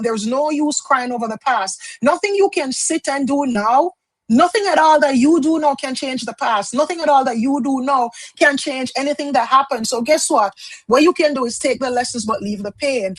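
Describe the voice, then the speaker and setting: This is a woman from Jamaica reading tarot cards on a live stream. Her voice sits a little high, and the sound is dry with no room echo. She talks in a loose, chatty way, explaining each step and often circling back to repeat or restart a phrase. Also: normal speed. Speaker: tarot card reader.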